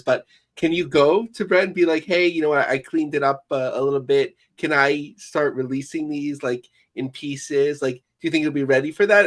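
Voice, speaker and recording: A man co-hosting a podcast, asking relaxed questions and thinking aloud with fillers. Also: fairly high pitch. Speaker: podcast co-host. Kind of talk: casual podcast interview.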